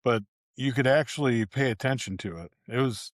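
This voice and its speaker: A man's voice: mid-range voice, normal speed, no room sound, studio quality. A man co-hosting a podcast, telling stories casually, swearing and acting out the lines of people he quotes. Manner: storytelling, swears, acts out quotes. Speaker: podcast co-host. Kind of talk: casual banter.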